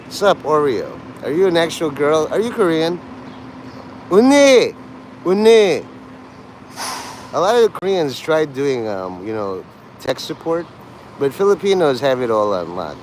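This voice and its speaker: A male streamer from New York City talks to his chat in an abrasive, taunting and erratic way. His pitch swings widely up and down. A faint hum of city traffic sits behind him on the street. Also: rough recording. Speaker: livestreamer talking to his chat. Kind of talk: rambling live-stream chat.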